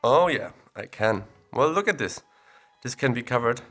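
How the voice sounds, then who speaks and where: Guy rambling casually as he clicks around a map, chatty and relaxed, soft music under him. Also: medium pitch, moderate pace. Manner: thinking aloud, relaxed and chatty. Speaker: map explorer vlogger. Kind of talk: casual commentary while browsing maps. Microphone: separate audio recorder.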